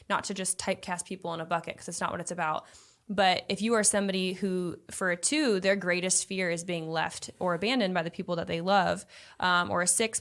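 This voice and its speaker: A woman's voice: fairly low pitch, fairly bright tone. A young woman hosting a casual relationship chat, talking earnestly and at length in a coaching tone. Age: young adult. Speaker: host.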